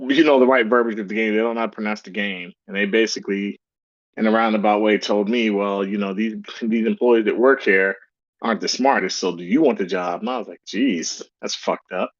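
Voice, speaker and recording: A man's voice: fairly low pitch, brisk, no room sound, dull audio. A man co-hosting a casual gaming podcast, telling a shop story and acting out the lines people said. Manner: animated storyteller acting out quotes. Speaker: podcast co-host. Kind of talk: casual chat.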